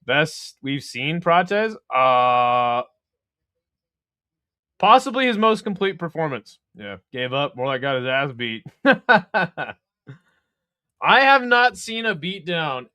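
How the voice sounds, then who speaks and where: A man hosting a live fight commentary stream from home, excitable and profane, laughing often. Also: a little high, slow pace, clean tone, dry recording, clean studio sound. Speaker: host.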